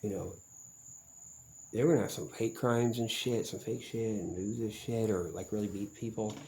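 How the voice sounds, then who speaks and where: A man with a lowish, mellow voice talks in a meandering vlog monologue. He is profane and suspicious and keeps circling back with "um" and "like". Faint crickets chirp behind him. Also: steady tone, normal speed, a little hiss or hum, rough recording. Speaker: vlogger. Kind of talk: rambling monologue.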